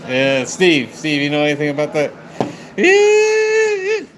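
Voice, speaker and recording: A man's voice: fairly high pitch, little pitch movement, fairly quick. A man chatting on a live stream, rambling and swearing as he talks to his viewers. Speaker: livestreamer. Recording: noisy background.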